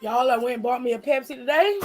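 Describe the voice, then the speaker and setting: A high-pitched woman hosts a casual live stream. She reads comments aloud and chats playfully with viewers, calling them honey and child. Faint music plays behind her voice. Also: animated, fast talker, a little mellow.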